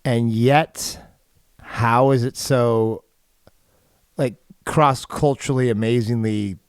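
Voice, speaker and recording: A man's voice: mid-range voice, fairly even intonation, takes it slowly, smooth, no echo, studio quality. A man co-hosting a film podcast, rambling casually with lots of fillers and chuckles. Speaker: podcast co-host. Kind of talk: casual chat.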